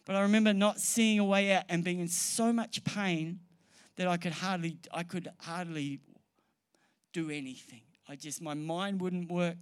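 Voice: mid-range voice, fairly even intonation, moderate pace, clean tone. Earnest preacher who repeats for emphasis. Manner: mixes light humor and banter with the room. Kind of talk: sermon to a live congregation. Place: church hall or meeting room with an audience.

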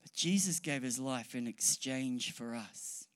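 A man preaching a sermon, often restarting his sentences, then building to loud, fast, passionate appeals. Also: mid-range voice, no room sound, studio quality.

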